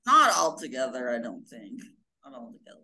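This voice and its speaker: A woman's voice: rumbling low, very animated, a little fast, bright, forceful tone, low-quality recording. A woman co-hosting a podcast in casual chat, hesitant and often trailing off. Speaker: podcast co-host.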